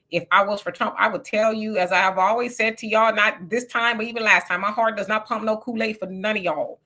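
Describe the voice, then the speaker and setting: Sassy chatty woman, bright voice. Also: medium pitch, a little fast. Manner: chatty, reads comments aloud, sassy asides. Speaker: livestream co-host reading viewer comments. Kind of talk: casual livestream chat.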